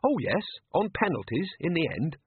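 A chipper young captain, all eager politeness, as a man acts him out. His voice rides high and lively. The sound is dry and thin, as if heard down a phone line. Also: moderate pace, husky, no room sound, exaggerated voice. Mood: cheery.

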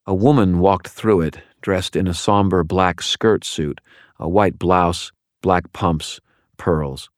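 A man narrates a first-person audiobook with wry, dry timing. His voice is very low. The booth recording is dry and close. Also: slow, smooth, no echo.

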